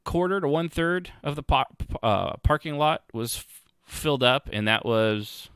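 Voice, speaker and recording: A man's voice: medium pitch, expressive, normal speed, vocal fry, a bit bright, smooth, no echo, clean studio sound. A man hosting a podcast, rambling through casual commentary with sarcastic asides and frequent restarts. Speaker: podcast host.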